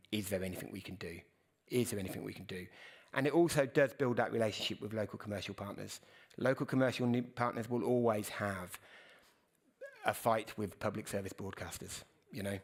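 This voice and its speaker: Fairly low in pitch, this middle-aged British panelist at a conference speaks quickly and with earnest intent. His sentences often get restarted as he self-corrects.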